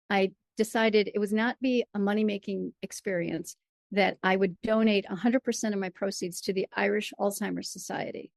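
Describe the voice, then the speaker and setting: A middle-aged American woman, a playwright and performer, telling stories in a casual interview with an animated, laughing manner. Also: mid-range voice, no echo, clean studio sound. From United States. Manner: animated storyteller, laughs often.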